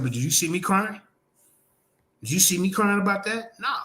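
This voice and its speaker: A man's voice: high-pitched, fairly quick, pushed and bright. A man hosting a livestream, ranting in a combative, profane, trash-talking way. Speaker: streamer host. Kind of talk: heated livestream rant.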